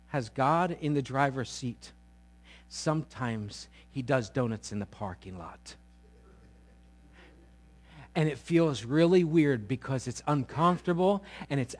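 A middle-aged man delivers a sermon, his voice sitting high for a man. He tells his story in an animated way, jumping from loud bursts to quiet, close passages. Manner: animated storytelling, swinging from loud peaks to quiet intimate lows. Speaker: pastor.

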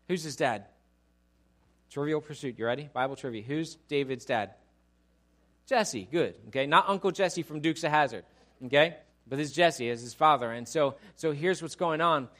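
A man preaching a sermon, acting out quoted voices and leading the congregation in call-and-response. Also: medium pitch. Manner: animated preacher who acts out quoted voices and asks the congregation to repeat lines. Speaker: pastor.

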